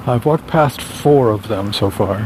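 A man's voice: on the low side, a little slow, a little mellow. Wry, rambling man talking on a walk. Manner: meandering, self-correcting, wry. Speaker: novelist. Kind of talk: casual rambling monologue on a walk. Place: outdoors on a town street. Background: faint traffic.

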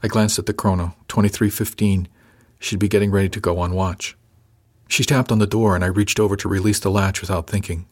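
A man with a low voice reads a first-person science fiction novel aloud. His storytelling is measured and dry, paced evenly through the narration. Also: fairly even intonation, darkish tone. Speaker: audiobook narrator.

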